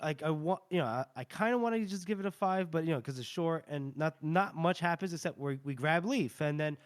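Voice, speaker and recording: A male podcast co-host talks in a loose, rambling way, full of fillers and restarts. His voice sits a little high. The sound is close and dry with no room echo. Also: fairly quick. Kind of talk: casual chat.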